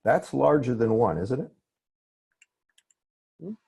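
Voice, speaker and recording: A man's voice: mid-range voice, expressive, slow pace, vocal fry, a little mellow, breathy edge. A man lecturing over a video call, often stopping to correct himself and apologize. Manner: apologetic, restarts and self-corrections. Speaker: professor. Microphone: computer mic on a video call.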